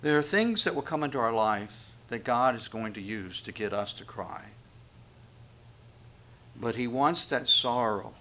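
A man pastor preaching a sermon, reading scripture and swinging from quiet, intimate passages to loud, raised appeals. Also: medium pitch, expressive, moderate pace, slight background noise.

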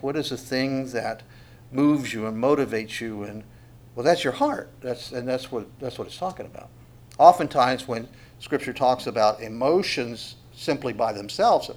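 A middle-aged man teaching a Bible passage verse by verse, talking conversationally, asking rhetorical questions and leaning hard on key words. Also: medium pitch. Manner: conversational, asks rhetorical questions, dynamic emphasis.

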